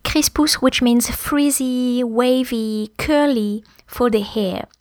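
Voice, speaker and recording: A woman's voice: fairly high pitch, takes it slowly, darkish tone, no room sound, clean studio sound. A woman with a French accent hosting a podcast language lesson, explaining words carefully and spelling them out letter by letter. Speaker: French teacher, podcast host.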